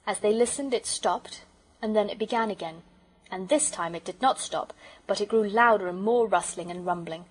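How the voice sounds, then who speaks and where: Reading a children's audiobook aloud, a female narrator keeps her delivery soft and even. She has a breathy, husky voice of average middle pitch, captured in a low-quality recording.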